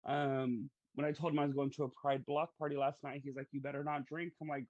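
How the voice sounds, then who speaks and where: A man's voice: mid-range voice, level tone, a little fast, hardly any pauses, darkish tone, no room sound, highs cut off. A man hosting a podcast, telling stories in a chatty, casual way. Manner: chatty, storytelling, uses fillers. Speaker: podcast host. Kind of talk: casual conversation.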